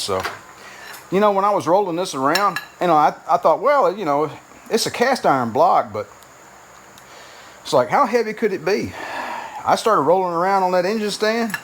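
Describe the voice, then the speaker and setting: A man hosting a garage vlog, rambling in a folksy, self-deprecating way while working in his home garage and driveway. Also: a little high. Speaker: garage channel host. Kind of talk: casual workshop vlog narration. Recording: noisy garage recording with clanking.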